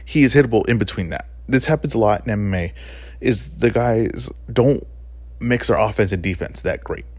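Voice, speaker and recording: A man's voice: fairly low pitch, normal speed, darkish tone, no room sound. A man hosting his own podcast, giving an emphatic, opinionated monologue and often correcting himself mid-sentence. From Mexican heritage. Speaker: podcast host. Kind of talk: solo podcast monologue on fights.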